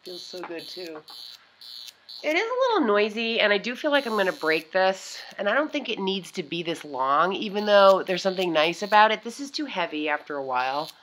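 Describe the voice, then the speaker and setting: A woman's voice: mid-range voice, very animated, a little fast, a bit bright, a little hiss or hum, poor audio. A woman vlogger chatting casually as she tries out beauty gadgets, rambling and often trailing off mid-thought.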